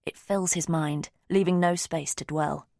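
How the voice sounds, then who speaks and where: A woman narrating a novel in the first person, measured and intimate. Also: sits low, fairly even intonation, creaky, darkish tone, no room sound, clean studio sound. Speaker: audiobook narrator.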